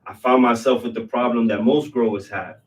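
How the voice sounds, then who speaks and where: A man tells his business story in a loose podcast chat, his pitch sitting right in the middle. He strings steps together in quick lists. His voice is picked up from a little way off the microphone. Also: steady tone, far from the mic, slight background noise, low-quality recording. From New York. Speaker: business owner guest. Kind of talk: casual interview chat.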